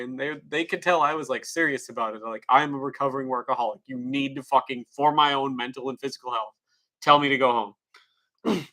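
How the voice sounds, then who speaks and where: A man's voice: medium pitch, steady tone, fairly quick, sharp tone. A man streamer chatting casually and rambling frankly, swearing freely. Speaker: livestreamer. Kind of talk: casual livestream chat.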